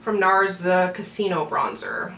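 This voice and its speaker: A woman's voice: fairly low pitch, sing-song, measured pace, creaky, fairly bright tone, far from the mic. A chatty woman talks through her makeup routine, rambling with little laughs and fillers. She sits back from the camera mic in an echoey room at home. A faint hum of the room stays under her voice. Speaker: beauty vlogger. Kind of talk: get-ready-with-me makeup chat.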